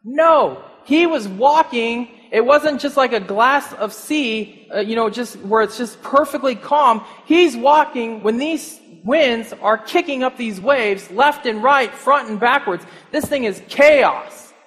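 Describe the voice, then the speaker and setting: A man's voice: extremely high pitch, slow, few pauses, long reverb tail. A man preaching a sermon, asking his listeners questions and chuckling now and then. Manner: animated, rhetorical questions, chuckles often.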